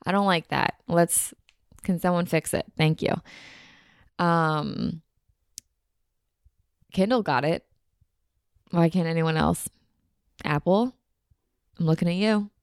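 A woman's voice: fairly low pitch, measured pace, creaky, pauses often, clear, resonant tone, dry recording, studio quality. A young woman hosting her own podcast, chatting casually in a bubbly, rambling way from a beach house. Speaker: podcast host. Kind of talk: casual chat.

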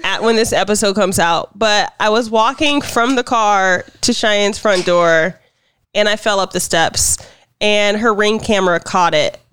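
A woman's voice: medium pitch, a little slow, a bit bright, smooth. A woman co-hosting a podcast, telling a story in a giggly, rambling casual chat. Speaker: podcast co-host.

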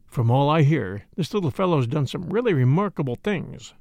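A bluff, hearty middle-aged chief constable in an audiobook, confiding in low, clubby tones, as a man reading the book puts him on. The voice has a gravelly edge, and the recording is dry and close. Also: expressive, moderate pace, darkish tone, no echo.

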